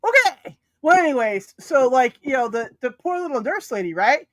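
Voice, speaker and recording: A woman's voice: sits high, lively intonation, brisk, no room sound. A woman hosting a livestream, telling stories in a casual chat, laughing often and acting out the quoted people. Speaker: livestream host.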